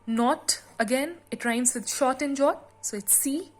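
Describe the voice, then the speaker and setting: A woman teacher explaining a sonnet's meter and rhyme scheme in a slow classroom lesson, with frequent pauses and fillers. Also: sits high. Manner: reads the poem aloud slowly with extra stress. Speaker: literature teacher.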